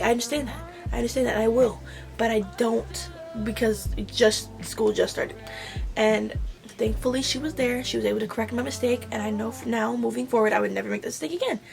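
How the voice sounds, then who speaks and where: A young woman telling an animated storytime about nursing school, swearing and acting out the dialogue. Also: fairly high pitch, vocal fry. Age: young adult. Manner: animated retelling, swearing, slang-heavy. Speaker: vlogger. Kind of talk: storytime vlog.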